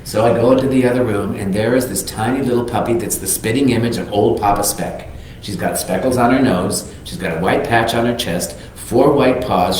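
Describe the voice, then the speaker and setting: A man, a minister, telling a personal story in a sermon as a lively storyteller who acts out the people he quotes. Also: on the low side, a little hiss or hum. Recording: very echoey hall.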